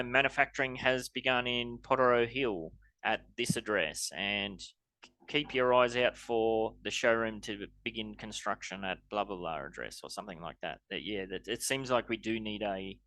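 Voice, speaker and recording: An Australian man with a middle-pitched voice, rambling through a casual planning chat with many restarts and casual swearing. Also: moderate pace, pushed and bright, no echo, rough recording. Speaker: co-host.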